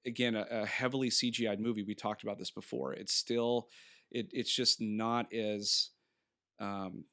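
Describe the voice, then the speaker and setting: A man with a gravelly, bright and forceful voice, chatting casually in a rambling way as a podcast co-host. He laughs often and slips into quick impressions as he talks. He sounds to be in his thirties. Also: lowish voice, fairly even intonation. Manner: rambling, laughing, acting out characters. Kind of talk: casual film review chat.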